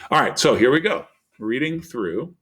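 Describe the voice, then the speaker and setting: A man teaching a recorded vocabulary lesson, explaining in an upbeat way and reading word lists slowly. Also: medium pitch, lively intonation, a bit bright. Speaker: Spanish teacher.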